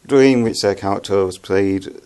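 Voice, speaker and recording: A young man giving a casual, halting film review, with many ums and restarts as he talks to his viewers. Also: lowish voice, a little mellow, clear, resonant tone.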